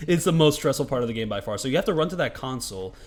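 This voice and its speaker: A male gaming commentator speaks very fast in a medium-pitched voice with lively intonation. His casual gameplay talk wanders, is thick with profanity, and is packed with "like" and "you know."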